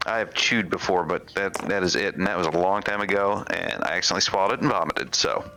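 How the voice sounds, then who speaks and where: A man's voice: deep voice, fast talker, sharp tone. A man co-hosting a live game stream, joking and self-deprecating in casual chat. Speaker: stream co-host and commentator. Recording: faint music behind.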